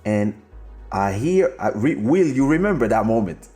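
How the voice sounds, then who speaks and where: A man's voice: fairly low pitch, normal speed, reverberant, faint music behind. A man hosting a podcast, casually telling a rambling story, swearing and turning to a friend in the room. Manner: rambling and animated, swears, laughs, addresses an off-mic friend.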